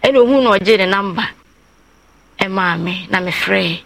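A woman's voice: mid-range voice, a little slow, vocal fry, fairly bright tone. A woman from Ghana, a guest on a talk show telling a long personal account and acting out other people's words in quotes. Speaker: guest telling her story.

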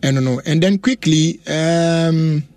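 A young Ghanaian man hosting a radio talk show, talking in an animated, casual way, switching languages and exclaiming often. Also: on the high side, takes it slowly.

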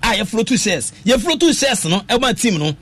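A man's voice: high-pitched, big pitch swings, a little fast, fairly bright tone, a little hiss or hum. A man with a Ghanaian accent talking football passionately on a radio sports show, mixing English and Twi and breaking into sing-song phrases. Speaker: radio sports talk panelist. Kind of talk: animated radio sports talk.

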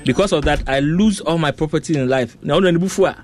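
A man with a Ghanaian accent hosting a radio call-in show, chatting with callers and a guest in a measured way. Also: on the high side. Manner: slow, deliberate reading of numbers. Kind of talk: radio call-in chat mixing English and Twi.

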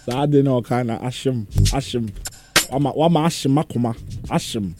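A man's voice: medium pitch, a little fast, very noisy. A man hosting a call-in radio show, playful and teasing with callers, sometimes singing the station's phone number. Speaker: radio host.

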